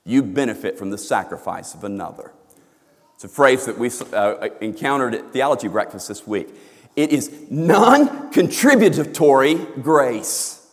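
A man preaching a sermon, swinging from hushed, low lines to loud, emphatic ones. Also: brisk. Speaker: pastor. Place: church sanctuary. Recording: long reverb of a church hall.

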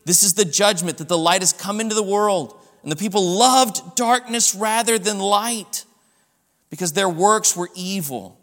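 High-voiced male preacher in a reverberant hall. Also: a little slow, fairly bright tone. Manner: emphatic preaching with rising stresses. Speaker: pastor. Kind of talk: sermon.

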